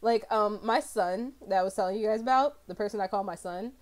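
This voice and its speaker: A woman's voice: mid-range voice, brisk. A woman from the United States in casual chat as co-host, rambling and self-mocking, with many fillers. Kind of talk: casual chat over a drawing stream.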